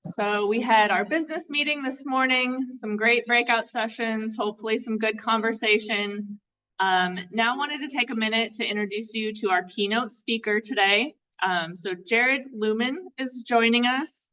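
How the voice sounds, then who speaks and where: A woman's voice: fairly high pitch, normal speed, sharp tone, distant mic, low-quality recording. A woman introducing a keynote speaker at a meeting, in a friendly way with many fillers. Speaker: event organizer introducing the speaker. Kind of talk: event introduction. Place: meeting hall.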